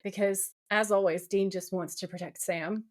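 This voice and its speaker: A woman talks through a TV episode with her co-host in easy, filler-heavy chat. Her pitch sits in the middle of the range. She jumps between retelling scenes and her own opinions. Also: fairly even intonation, moderate pace. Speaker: podcast co-host. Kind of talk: casual recap chat.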